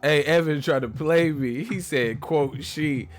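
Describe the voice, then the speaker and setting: Reading through viewer comments, this boxing stream host, a man in his thirties, rambles, laughs, and swears freely in casual chat. He speaks a little slowly in a fairly high voice over soft background music.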